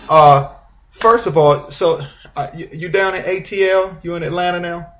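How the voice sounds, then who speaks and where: A man's voice: high voice, fairly even intonation, normal speed, fairly bright tone. A man hosting an internet radio talk show, chatting with a guest in a rambling way full of restarts and fillers. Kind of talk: casual interview.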